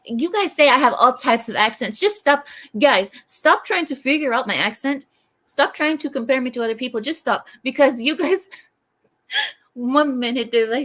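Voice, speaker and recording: A woman's voice: high-pitched, animated, a little slow, fairly bright tone. A woman hosting a livestream, reading viewer comments aloud and answering them in an exasperated way, with frequent sighs and rhetorical questions. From lives in America.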